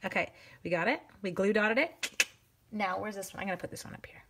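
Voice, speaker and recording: A woman's voice: mid-range voice, a little fast, a little hiss or hum. A woman hosting a live-streamed stamping craft demo, chatting with viewers and greeting them by name as she works. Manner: chatty, greets viewers while working, animated exclamations. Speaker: craft demonstrator. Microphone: phone.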